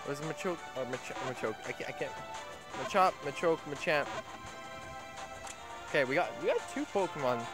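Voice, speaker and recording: A man vlogging while he walks around town playing a phone game, excitable and swearing freely. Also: on the high side, normal speed, long pauses. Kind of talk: casual gameplay commentary while walking. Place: outdoors walking around town. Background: loud music.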